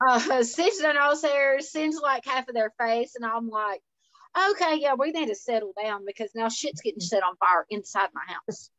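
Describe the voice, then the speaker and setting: A woman, a guest telling wild party stories in a loose, animated way. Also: fairly high pitch, normal speed, no echo, low-quality recording. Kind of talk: casual storytelling chat.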